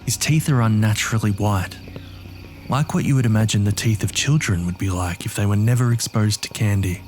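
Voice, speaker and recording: A man's voice: on the low side, brisk, a little mellow, soft background music. A man narrating a horror story in the first person with a gritty, streetwise delivery.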